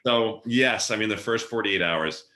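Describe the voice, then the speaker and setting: A man's voice: lowish voice, measured pace, pushed and bright. A middle-aged man and podcast guest, telling stories casually and acting out the voices of people he quotes. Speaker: podcast guest, event planner. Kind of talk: casual storytelling interview. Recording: roomy echo.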